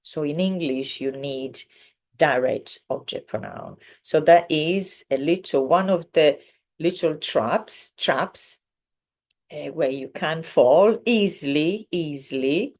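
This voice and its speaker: A woman's voice: deep voice, slow, darkish tone. A woman teaching a grammar lesson in English, hesitant and full of fillers and self-corrections. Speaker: Italian teacher. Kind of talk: slow explanatory grammar lesson.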